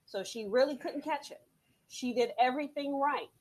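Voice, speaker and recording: A middle-aged woman in a casual discussion, telling a story in a measured, earnest way and often saying "you know". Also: sits high, a little mellow, rough recording. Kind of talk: casual chat.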